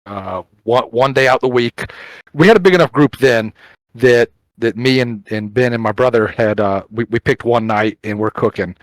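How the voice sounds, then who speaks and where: A middle-aged man co-hosting a chat show, telling an animated story, acting out quotes and swearing casually. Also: medium pitch, moderate pace, dry recording, rough recording. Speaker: podcast co-host.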